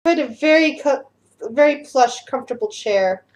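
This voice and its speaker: A young woman running a tabletop game, her fairly high voice stumbling over repeated words as she describes each scene. She narrates in a loose, unscripted way. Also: expressive, moderate pace. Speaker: game master.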